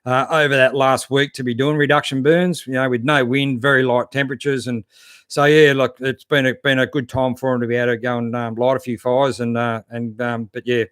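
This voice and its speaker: A man's voice: mid-range voice, flat delivery, fairly quick, fairly bright tone, smooth, dry recording, studio quality. An Australian man hosting a casual live stream about four-wheel driving, chatting in a laid-back, matey way with lots of fillers as he reads out viewer comments. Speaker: 4WD channel host.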